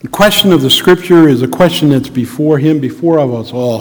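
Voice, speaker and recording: A man's voice: on the high side, brisk. A middle-aged male pastor preaching a sermon, telling a personal story in an earnest, reflective way and asking rhetorical questions. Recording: long reverb of a large hall.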